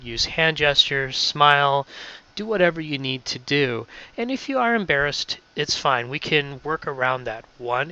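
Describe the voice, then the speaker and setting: A man's voice: on the high side, pushed and bright, clear, resonant tone. A man training radio volunteers in an instructional presentation, encouraging and often checking in with "okay?". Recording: dull lo-fi recording.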